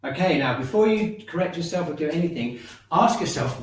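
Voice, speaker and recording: Calm man guiding a qigong class. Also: a little high, moderate pace, distant mic. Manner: calm, encouraging instructions, often checking in with "okay". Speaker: shiatsu and qigong teacher. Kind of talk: guiding an online movement class. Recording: very echoey room, voice off-mic.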